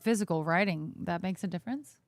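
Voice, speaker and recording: A woman's voice: on the low side, crowd noise. A woman livestreaming, chatting casually with a friend on a call and reading chat messages aloud. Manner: chatty, reads chat aloud, quick asides. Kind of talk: casual chat on a live stream.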